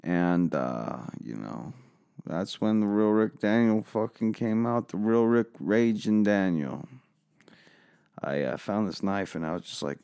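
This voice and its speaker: A man's voice: fairly low pitch, expressive, a little slow, vocal fry, darkish tone, smooth. A man telling a rambling, profane comic story full of fillers.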